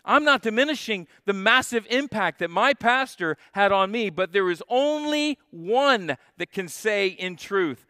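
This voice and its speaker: A man preaching a sermon as a guest pastor, stressing key phrases and slowing down to repeat them. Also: sits high, expressive, bright, forceful tone, no echo, clean studio sound. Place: church sanctuary.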